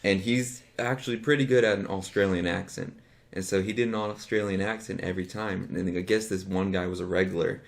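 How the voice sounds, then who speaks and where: A man's voice: deep voice, steady tone, fairly quick, gravelly. A young man co-hosting a podcast, joking around in casual chat. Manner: laid-back, joking.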